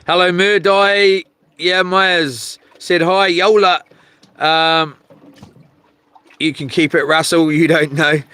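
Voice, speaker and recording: A man's voice: a little high, fairly even intonation, slow, long pauses, pushed and bright, smooth. Laid-back New man on a fishing stream. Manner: laid-back, rambling, reads viewer names aloud, swears casually. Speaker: fishing livestreamer. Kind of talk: casual live-stream chat. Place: outdoors by the sea at night.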